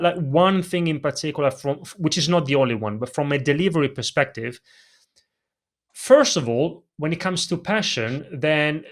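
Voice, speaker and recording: A man with a non-native English accent, a presentation coach answering interview questions on a video call and acting out vocal emphasis as he explains it. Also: on the high side. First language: not English. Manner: animated, demonstrates vocal emphasis. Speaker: presentation coach, podcast guest.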